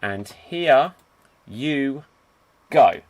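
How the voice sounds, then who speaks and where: A man's voice: medium pitch, very slow. A man hosting a live improv comedy stream, reading out prompts and praising players. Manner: lively, encouraging, sets prompts. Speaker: improv show host.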